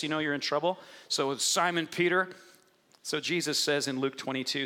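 A man preaching an Easter sermon to a congregation, animated and playful, telling the story with lively acted-out quotes. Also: a little high, brisk. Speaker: pastor. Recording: echoey hall with long reverb.

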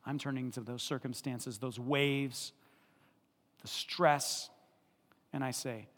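A man preaches to his congregation in an animated, conversational way, circling back over his points and asking if they follow. His middle-pitched voice carries a long reverb from the church hall. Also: slow pace. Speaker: pastor. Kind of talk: sermon.

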